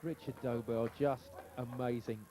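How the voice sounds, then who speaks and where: Excitable male sports commentator, noisy broadcast. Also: medium pitch. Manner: brisk, excited play-by-play calls. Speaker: play-by-play commentator. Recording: old TV broadcast with audible noise.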